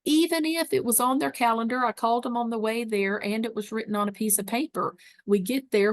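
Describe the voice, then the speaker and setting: A woman's voice: a little high, steady tone, fairly quick, few pauses, dry recording, clean studio sound. A woman giving a webinar lesson on dementia care, teaching emphatically and repeating key phrases. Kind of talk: webinar presentation.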